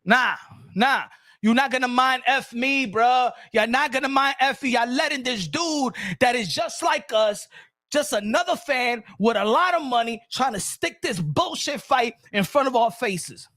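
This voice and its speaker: Loud high-pitched ranting man. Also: unhurried, no echo, clean studio sound. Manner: loud, profane, switching into Spanish. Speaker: boxing commentator. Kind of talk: ranting boxing commentary.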